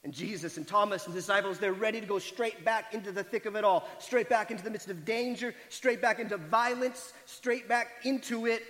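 A man with a high-pitched voice preaches a sermon, telling a story with dramatic swings between forceful emphasis and near-whispered quiet. His voice rings out in a large hall with a long reverb trailing each phrase. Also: fairly quick, hardly any pauses. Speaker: pastor.

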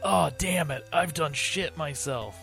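A hapless soldier who keeps getting hurt, whimpering and pleading in a voice nudged higher than normal, as a man reads him for laughs. The delivery is slow and drawn out. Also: gravelly, a bit bright, soft background music, exaggerated voice. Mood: dismayed. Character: hapless broken-backed male soldier.

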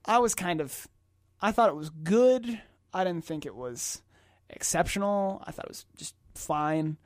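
A young man in a relaxed podcast chat, a bit higher-pitched than most men. He rambles and restarts, full of "um" and "like", recorded dry and close to the mic. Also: a little slow, no echo. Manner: rambling, many fillers and restarts. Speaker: podcast co-host. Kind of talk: casual chat reviewing a TV episode.

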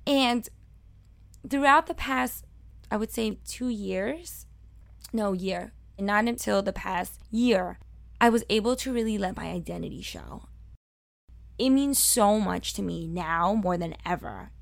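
A woman in her thirties from Brooklyn with a Brooklyn accent, a talkative and loud food host telling her own story in a personal monologue. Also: mid-range voice, expressive, vocal fry, dry recording. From Brooklyn, New York. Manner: talkative and loud, fast and emphatic. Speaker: food video host and cook.

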